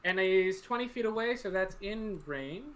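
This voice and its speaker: Bright, loud, exclamatory man. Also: sits high, animated, moderate pace. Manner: loud, exclamatory, laughing outbursts. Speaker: player. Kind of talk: casual game chat.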